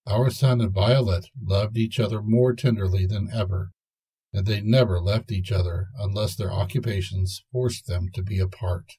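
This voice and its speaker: An older man telling a fairy tale slowly and gently. His voice is low, mellow and slightly husky, with a soft unhurried delivery. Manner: slow, gentle. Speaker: storyteller.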